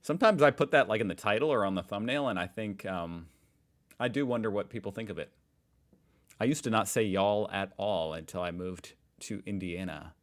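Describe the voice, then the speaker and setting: A man's voice: lowish voice, brisk. An American man hosting a reaction video, reading posts aloud and reacting in a chatty, joking way. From United States. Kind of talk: casual reaction commentary.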